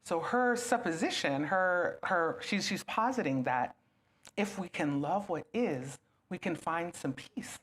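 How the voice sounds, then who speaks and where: A woman gives an animated talk to a gathered audience, her pitch leaping and falling as she acts out small scenes. She keeps turning to the listeners with questions. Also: a little slow. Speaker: guest speaker. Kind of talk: lively talk to a live audience.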